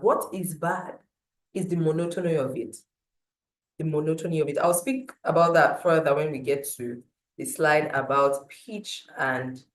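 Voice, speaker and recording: A woman giving a workshop talk as a public speaking coach, expressive and emphatic, with playful asides. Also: sits low. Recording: echoey room.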